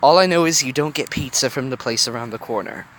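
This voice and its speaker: A man voicing an earnest, slightly awkward teenage girl who answers in quick, flustered replies, in a reading recorded on a phone. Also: mid-range voice, fairly bright tone, close to an everyday voice. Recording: noisy phone recording outdoors.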